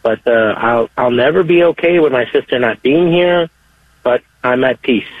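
A man calling in to a radio show, earnest and halting, often repeating himself as he gives his testimony. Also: mid-range voice, no echo. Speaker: caller. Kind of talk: call-in testimony. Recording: dry tinny phone line.

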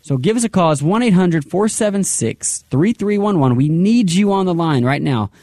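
Guy hosting a radio fundraiser, kinda high voice, upbeat, dry studio sound. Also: expressive, moderate pace, mellow, dry recording. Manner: upbeat, prays aloud, repeats the phone number.

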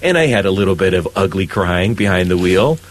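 A middle-aged priest with a low, husky voice speaks in an earnest, heartfelt way. He pauses and restarts as he explains, settling into gentle encouragement. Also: lively intonation, rough recording. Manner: earnest, warm-hearted, pausing and restarting often. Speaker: Catholic priest. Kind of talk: faith conversation.

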